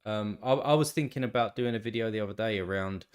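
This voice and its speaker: A man's voice: lowish voice, fast. A man hosting a casual live stream, with a congested, nasal voice, rambling along and talking to his viewers by name. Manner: rambling, talks to chat viewers by name, many restarts. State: congested, still a bit tired.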